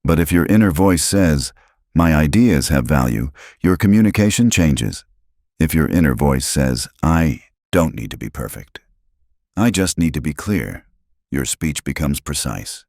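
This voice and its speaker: A man reading a self-help audiobook in a scripted, measured way, stressing short lists with pauses between items. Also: a bass voice, expressive, a little mellow, dry recording, studio quality. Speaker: audiobook narrator.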